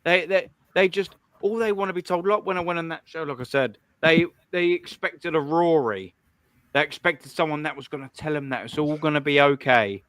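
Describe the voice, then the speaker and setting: Young male streamer, combative and sweary, higher voice, close dry delivery. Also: moderate pace, fairly bright tone, no echo. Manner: blunt, profane and combative. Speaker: live stream host. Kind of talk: ranting call-in stream commentary.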